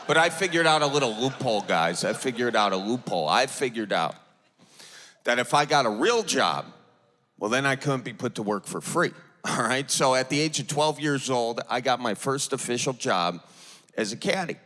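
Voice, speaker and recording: Performing stand-up for a theater audience on a large stage, a Midwestern man with an Upper Midwest accent speaks in a medium-pitched, expressive, pushed, bright voice at normal speed. His humor is self-deprecating, he acts out characters in dialogue, and a long reverb tail trails his words.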